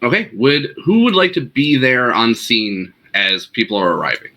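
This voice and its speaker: A man running a tabletop game as game master, narrating scenes in a relaxed, unhurried way. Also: mid-range voice, poor audio.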